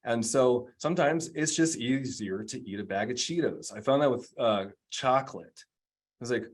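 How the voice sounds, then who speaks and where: A man's voice: mid-range voice, normal speed. A man, an executive coach, giving a casual webinar presentation in a chatty, self-deprecating way with lots of fillers.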